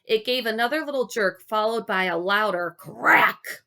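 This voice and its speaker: A woman with a fairly high voice reads a children's chapter book aloud. She lets her pitch rise and fall freely, telling the story in an expressive, unhurried way. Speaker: reader.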